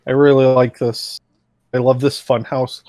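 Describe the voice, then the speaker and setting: A man's voice: mid-range voice, little pitch movement, measured pace, darkish tone. A man in casual chat, enthusiastic and swearing, reading passages aloud in a half-acted voice. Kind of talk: casual chat about a comic book.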